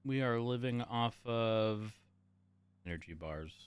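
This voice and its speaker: A man's voice: mid-range voice, animated, slow pace, clean tone, dry recording. Laid-back man who chuckles as he talks. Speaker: streamer playing a police officer. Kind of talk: casual in-character roleplay chat.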